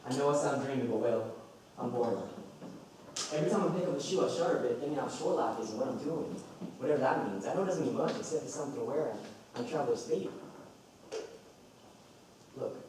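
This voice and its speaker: A man's voice: medium pitch, animated, quick pace, pauses often, background noise, natural voice. An actor playing a restless, dreamy and bitter young man who gives impassioned speeches in a live stage play. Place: college theater stage. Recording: echoey theater from far off.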